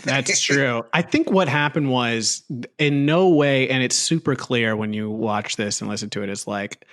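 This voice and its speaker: A man's voice: mid-range voice, normal speed, a bit bright, no echo. A man co-hosting a casual comedy podcast, telling stories loosely with laughter. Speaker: podcast co-host.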